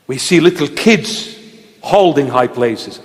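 A man's voice: mid-range voice, animated, slow pace, big-room sound. A man serving as a bishop, preaching a sermon in an emphatic, exhortative manner and repeating short commands.

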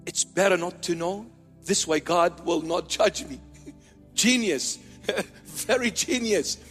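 A middle-aged bishop with a high voice preaches a lighthearted sermon, teasing his congregation and playing out both sides of little conversations. His words ring out in a hall with a long reverb. Soft music sits faintly underneath. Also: takes it slowly. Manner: playful, teasing preaching with mock dialogues.

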